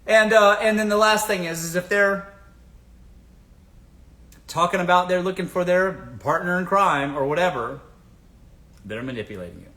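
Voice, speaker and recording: A man's voice: high-pitched, normal speed, pauses often, bright, forceful tone. A man from the American South hosting a casual livestream, giving blunt dating advice, swearing freely and asking the audience rhetorical questions.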